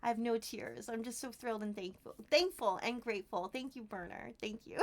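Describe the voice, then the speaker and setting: High-voiced giggly woman streamer. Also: a little fast. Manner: chatty, giggly and effusively grateful. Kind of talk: casual livestream chat while crafting. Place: tiny warm room at home.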